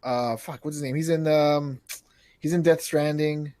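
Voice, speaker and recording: A man's voice: on the high side, steady tone, measured pace, warm tone, no echo, studio quality. A man co-hosting a casual podcast, rambling, swearing freely and laughing at his own jokes. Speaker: podcast co-host. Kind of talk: casual chat.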